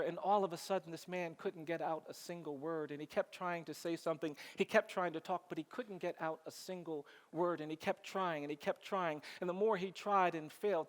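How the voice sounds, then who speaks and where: A man with a fairly high voice tells a story to a large audience from a conference stage. He speaks in slow, repeated phrases and builds to a rousing finish. His voice carries a long reverb through a big hall. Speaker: keynote speaker. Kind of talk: storytelling speech.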